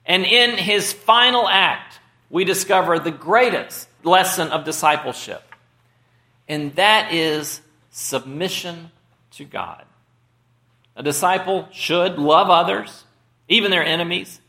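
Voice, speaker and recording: A man preaching a sermon as pastor, slow and measured with dramatic pauses. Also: high voice, pushed and bright, echoey room.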